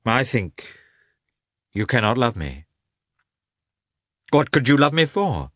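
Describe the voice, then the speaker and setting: A man's voice: medium pitch, very animated, slow pace, fairly bright tone, dry recording, studio quality, voice pushed up, exaggerated voice. A man reading an audiobook, voicing a tormented, jealous young man who pleads in anguish. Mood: despairing. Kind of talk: audiobook character voice.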